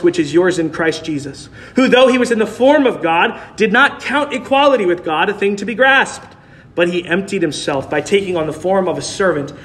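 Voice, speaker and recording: A man preaching a sermon, earnest and measured, reading scripture aloud. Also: sits high, a bit bright.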